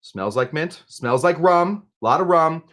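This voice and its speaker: A man hosts a live cocktail-making stream, chatting casually as he mixes drinks and rambling with lots of fillers and asides. He's chatty and self-deprecating. His voice is fairly high-pitched and a bit bright, with lively intonation and a slightly slow pace.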